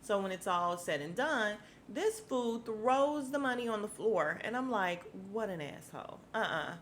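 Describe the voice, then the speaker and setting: A woman's voice: on the high side, expressive, measured pace, fairly bright tone, a little hiss or hum. A woman hosting a podcast, recapping a TV episode in a casual, slangy way, acting out the characters' lines and laughing often.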